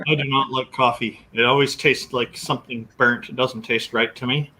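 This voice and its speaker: A man's voice: mid-range voice, steady tone, normal speed, sharp tone, low-quality recording. A man in casual chat, explaining his views earnestly and at length.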